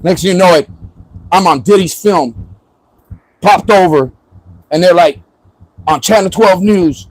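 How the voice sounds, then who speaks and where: High-voiced joking man streaming live. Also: expressive, measured pace, long pauses, no room sound, low-quality recording. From Florida. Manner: joking, rambling, laughs often. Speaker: livestreamer. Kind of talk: casual livestream chat.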